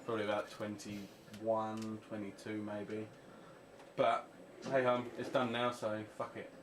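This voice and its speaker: A man's voice: on the low side, level tone, a little slow, a crowd in the background. A man giving laid-back, offhand commentary on his own gameplay. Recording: loud game music under the voice.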